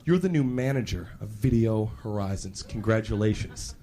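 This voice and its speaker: A grave, self-important store manager who lectures every small task like a sacred duty, put on by a man. The voice drops lower and slower than his own, and the live recording has a noisy hiss. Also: animated, warm tone, lightly acted. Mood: solemn. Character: a stern, self-serious male video store manager.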